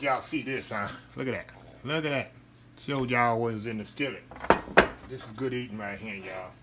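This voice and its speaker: Guy with a bright, forceful voice eating in his kitchen, saying y'all a lot, dishes clinking faintly. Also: medium pitch, slight background noise. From Southern US countryside. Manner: chatty, addresses viewers as y'all, hums while chewing. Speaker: cooking channel host. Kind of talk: casual cooking vlog, tasting food. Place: home kitchen. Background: faint clatter of dishes and cutlery.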